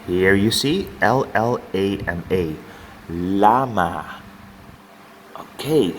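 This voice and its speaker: Guy teaching kids animal words, super slow, bouncy lively voice, repeats each word, faint room hum. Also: low-pitched. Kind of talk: children's vocabulary lesson.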